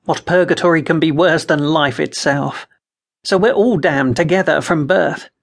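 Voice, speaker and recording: A man's voice: fairly high pitch, moderate pace, vocal fry. Man reading a cynical, harsh nobleman. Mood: scornful. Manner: harsh, scornful. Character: bitter yellow-haired male noble, cynical.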